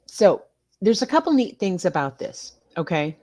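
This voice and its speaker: An older woman, chatting casually as a live-stream host. She reads out viewer comments and mutters to herself while fumbling with her streaming software. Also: mid-range voice, very animated, unhurried. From United States. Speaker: livestream host.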